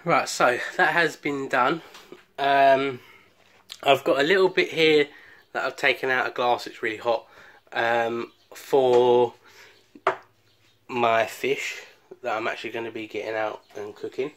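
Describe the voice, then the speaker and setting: A man's voice: mid-range voice, steady tone, a little slow, pauses often, fairly bright tone. A man chatting casually through a home cooking vlog, with lots of ums and restarts. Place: home kitchen.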